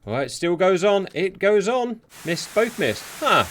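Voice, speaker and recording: A man commentating on a simulated air and sea battle, excitable and sarcastic, talking straight to his viewers. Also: sits high, unhurried. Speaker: war game commentator. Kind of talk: live gameplay commentary. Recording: steady hiss behind the voice.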